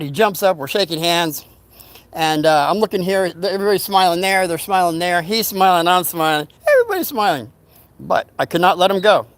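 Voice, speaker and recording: High-voiced older man telling a story. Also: no echo. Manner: rambling, animated retelling with acted-out quotes. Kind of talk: casual storytelling.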